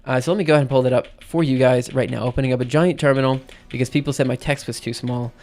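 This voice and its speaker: A man's voice: medium pitch, steady tone, quick pace, darkish tone. A man live-streaming in casual chat, rambling and self-interrupting, often checking in with "right?" between thoughts.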